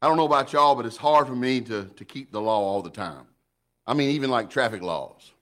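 A middle-aged man preaching with a drawl, his delivery animated and folksy. He stumbles over repeated words as he gets worked up, then eases into homespun asides. His voice sits at an ordinary pitch for a man, and it sounds like a church sermon. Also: a little fast. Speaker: pastor.

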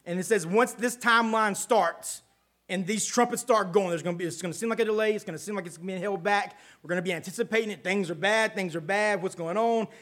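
High-voiced casual preacher man. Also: fast, a bit bright. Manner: conversational, folksy, with asides and checking in with listeners. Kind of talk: casual sermon.

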